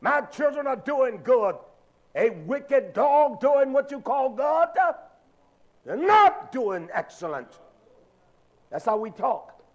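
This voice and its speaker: A man's voice: very high-pitched, sing-song, slow pace, muffled recording. A man preaching a sermon with an emphatic, repetitive cadence.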